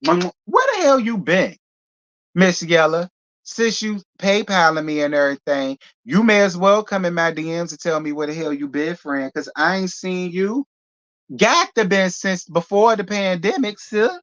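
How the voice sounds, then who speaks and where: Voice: mid-range voice, animated, moderate pace, fairly bright tone, muffled recording. A livestream host chatting casually with viewers, sassy and playful, thanking donors by name and blowing kisses.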